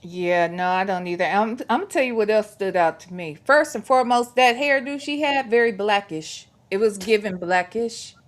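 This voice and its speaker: A woman's voice: mid-range voice, normal speed, few pauses. A woman hosting a casual livestream commentary, sassy and emphatic, with slangy talk and playful repetition. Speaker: show host.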